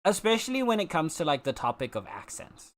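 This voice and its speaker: A man's voice: a little high, wildly swooping pitch, brisk, a bit bright. A man with a South African accent chatting casually as a streamer while he plays, rambling through his points with lots of filler words and restarts. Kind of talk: casual opinion chat while gaming.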